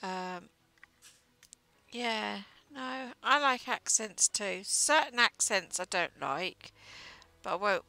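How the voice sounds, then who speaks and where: A woman's voice: mid-range voice, lively intonation, slow pace, vocal fry, bright, forceful tone, no echo. A woman livestreaming while she knits, chatting casually in a rambling way with plenty of fillers. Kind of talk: casual chat while knitting. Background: faint music.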